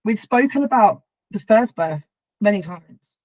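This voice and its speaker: A woman hosting a podcast as a doula, telling a birth story in a warm, effusive way. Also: medium pitch, expressive, measured pace, no room sound. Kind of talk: casual conversation. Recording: dull, slightly lo-fi sound.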